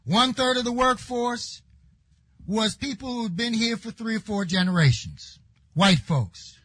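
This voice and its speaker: An older man giving an impassioned speech at a conference, building his points and rising to shouts when he stresses them. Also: sits high, dry recording, rough recording. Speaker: conference speaker.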